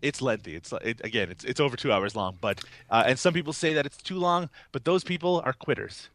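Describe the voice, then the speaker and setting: A man's voice: medium pitch, a little fast, fairly bright tone, dry recording. A man co-hosting a podcast in casual, rambling, enthusiastic chat, often laughing, while recovering from a cold. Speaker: podcast co-host.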